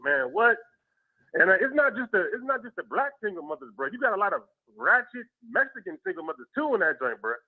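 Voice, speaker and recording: A man's voice: high-pitched, sing-song, fast talker. A man calling into a show, telling stories in a chatty, laughing way and ending lines with "bro". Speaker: caller. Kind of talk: phone-in storytelling. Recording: muffled lo-fi phone call.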